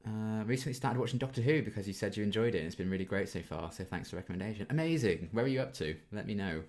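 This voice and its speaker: A YouTube reaction channel host in his twenties runs a casual Q&A, reading viewer questions aloud and talking through his answers with frequent ums. His voice is fairly low, a little mellow, and very fast.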